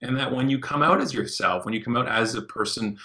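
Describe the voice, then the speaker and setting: A man, a podcast guest, telling stories in an animated way and often repeating words as he starts his sentences. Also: medium pitch, fast. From Canada. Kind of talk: casual podcast interview.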